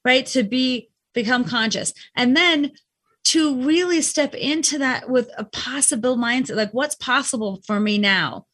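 Bright high-voiced woman talking. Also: measured pace. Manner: reflective, uses acted inner voices. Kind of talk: casual conversation on mindset.

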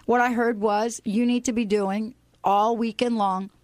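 A woman hosting an inspirational radio talk show, animated and playful, breaking into bits of song. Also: on the high side, a little slow, dry recording. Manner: animated, playful, sings snatches of songs.

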